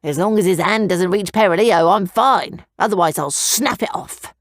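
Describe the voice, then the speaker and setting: A woman's voice: fairly low pitch, normal speed, dry recording, close to an everyday voice. Brash young male griffin, voiced by a woman, whiny and blustering; dry studio read. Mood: grumbling.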